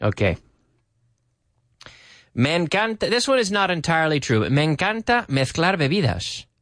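A man teaching English on a radio show from a studio, chatting, laughing often and repeating phrases slowly for learners. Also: a little high, big pitch swings, a bit bright, no room sound. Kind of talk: radio English lesson with translation drills.

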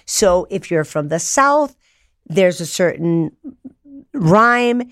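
A woman's voice: on the low side, expressive, takes it slowly, a bit bright. A woman from Mexico hosting a talk show, chatting playfully with a guest and bursting into laughter. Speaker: host. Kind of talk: lively talk show chat.

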